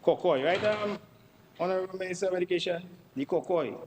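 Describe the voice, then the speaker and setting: A man's voice: high voice, quick pace, darkish tone, in a large hall, a little hiss or hum, rough recording. A Dominican man, a member of parliament, giving an emphatic debate speech in the chamber and repeating himself for stress.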